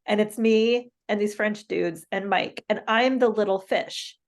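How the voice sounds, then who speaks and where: Woman podcast co-host; animated, laughing storyteller, ordinary mid-range voice. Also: medium pitch, measured pace. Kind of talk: casual storytelling.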